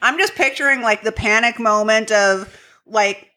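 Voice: medium pitch, moderate pace, pushed and bright. A podcast co-host in casual chat who rambles and fills sentences with "like". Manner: rambling, lots of "like".

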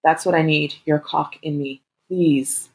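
Eager impatient woman begging, kinda defiant, narrator doing her, little gravel in the voice. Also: sits low, fairly even intonation, measured pace, darkish tone. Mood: pleading. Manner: urgent, pleading, defiant.

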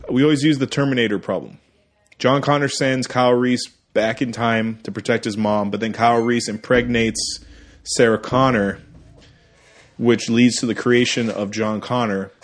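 A man co-hosting a casual movie review podcast, rambling through the plot and now and then slipping into quick silly voices for the characters. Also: mid-range voice, steady tone. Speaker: podcast co-host.

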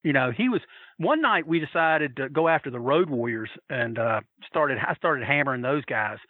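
Animated, profane storytelling man. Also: medium pitch, moderate pace, dry recording, narrow, tinny audio. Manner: animated, profane, acts out voices with laughter. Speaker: storyteller guest. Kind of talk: casual anecdote telling.

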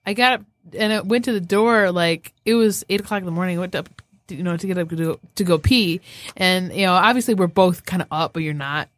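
A woman co-hosting a casual podcast, telling a funny story in a giggly, animated way. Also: fairly low pitch, fast, dry recording. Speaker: podcast co-host. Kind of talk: casual chat.

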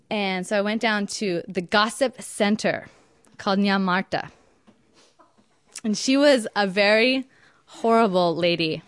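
A young woman telling a personal story in an emphatic, indignant, animated way. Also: medium pitch, a little slow, clean tone, dry recording.

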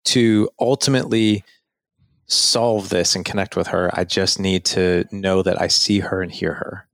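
A man's voice: sits low, a little slow, dry recording, studio quality. A middle-aged man talking as a podcast guest, earnestly coaching men on marriage and acting out little scenes as he explains. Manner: earnest, animated storytelling with acted quotes. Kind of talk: casual advice conversation.

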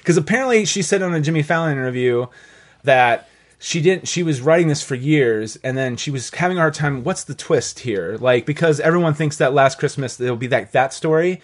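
A man hosting a podcast in casual chat, animated and laughing, swearing freely. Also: on the high side, fairly quick. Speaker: podcast host.

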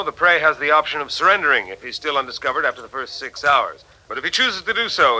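A slick game-show announcer. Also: male voice, fairly high pitch, pushed and bright, low-quality recording. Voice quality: polished, promotional delivery. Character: smooth male TV announcer of a deadly future game show. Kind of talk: broadcast announcing.

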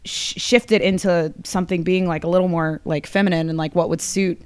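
A young woman guest at a comic convention, chatting in a rambling way with many fillers and laughs, her voice a little hoarse. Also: on the low side, steady tone, a little fast, dry recording. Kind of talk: casual interview chat.

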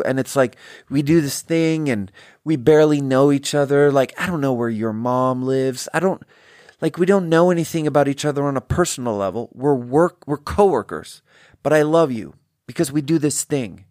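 A man's voice: medium pitch, lively intonation, normal speed, a little mellow, no room sound, studio quality. A young man hosting a podcast, talking in a casual rambling monologue full of tangents and restarts. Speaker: podcast host.

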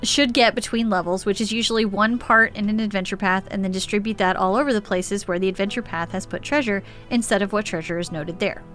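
A woman co-hosting a game podcast, reading listener mail and wrapping up in a relaxed, friendly way. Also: mid-range voice, fast, hardly any pauses, faint music behind. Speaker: podcast co-host. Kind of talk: casual podcast chat, reading listener email.

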